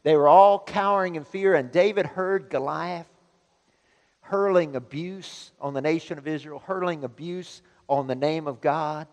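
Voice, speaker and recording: A man preaching a sermon as pastor, emphatic and building to loud exhortation. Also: fairly high pitch, measured pace. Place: church sanctuary. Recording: long church reverb.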